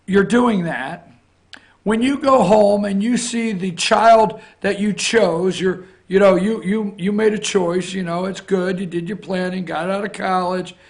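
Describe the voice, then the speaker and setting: A man's voice: sits high, gravelly. A man hosting a morning opinion show, talking through the news in blunt, combative, mocking commentary. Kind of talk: rambling political commentary.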